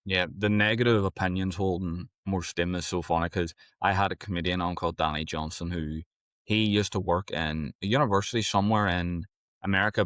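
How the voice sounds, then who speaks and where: A fast-talking man with a lowish voice, retelling a story in a relaxed podcast chat. He rattles through it with energy, and the sound is close and dry with no room echo. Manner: storytelling, quick and animated retelling. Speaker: podcast host. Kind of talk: casual conversation.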